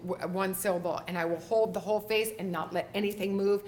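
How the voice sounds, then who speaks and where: A woman's voice: medium pitch, fast, few pauses, a little mellow, a little hiss or hum. Woman lecturing as a speech therapist. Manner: explanatory, talks through slides with frequent fillers. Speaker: speech therapist presenting at a conference. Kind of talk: conference lecture.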